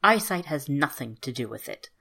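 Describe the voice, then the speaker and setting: A woman voicing a stern yet tender male fairy who speaks low, slow and quietly intense. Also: very animated, gravelly, slightly rough, exaggerated voice. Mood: quiet, gentle.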